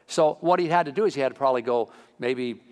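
A man preaching a sermon as pastor, animated, rising sharply in pitch to stress his points. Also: fast talker. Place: church sanctuary. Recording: long reverb of a church hall.

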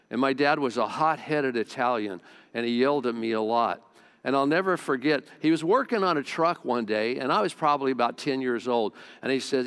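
A man's voice: mid-range voice, a bit bright, smooth, long reverb tail. An older man preaching a sermon in church, telling personal stories earnestly and repeating words for emphasis. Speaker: pastor. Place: church sanctuary.

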